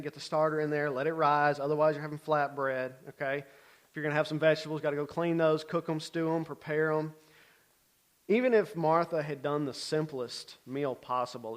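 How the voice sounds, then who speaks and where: A man with a somewhat high voice teaches a sermon in a relaxed, conversational way. He keeps checking in with his listeners, and his delivery swings between loud, emphatic bursts and quiet asides. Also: fairly quick. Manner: conversational, checks in with frequent "okay?". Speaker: Bible teacher.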